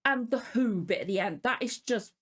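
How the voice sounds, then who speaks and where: A woman's voice: a little high, moderate pace, a bit bright. A woman giving a casual spoken review as a reaction video host, ranting in exasperation, swearing often and apologizing as she goes.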